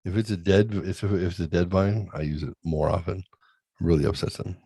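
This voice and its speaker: Deep raspy middle-aged dude, crude loud banter, dry close mic. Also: male voice, brisk, dry recording. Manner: loud, laughing, mimics his kids in high voices. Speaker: podcast host.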